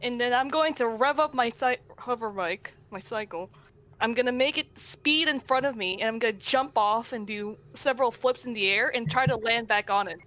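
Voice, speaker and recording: A woman's voice: a little high, moderate pace, fairly bright tone. A woman playing a tabletop role-playing game, eagerly describing her character's stunts. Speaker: player. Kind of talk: casual tabletop play.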